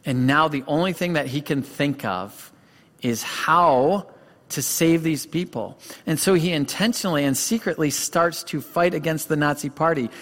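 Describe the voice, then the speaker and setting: A man preaching a sermon as pastor, telling a story earnestly and stressing points with repetition, in a church sanctuary. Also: on the high side. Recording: long hall reverb.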